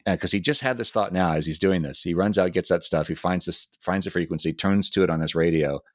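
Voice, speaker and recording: A man co-hosting a podcast, retelling TV scenes in a fast, animated way with many restarts. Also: sits low, dry recording, clean studio sound. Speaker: podcast co-host. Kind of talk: casual TV discussion.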